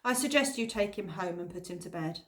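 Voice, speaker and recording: A woman's voice: lowish voice, expressive, a little fast, a bit bright. A woman voicing a brusque, impatient male country doctor who talks in a tetchy, dismissive way.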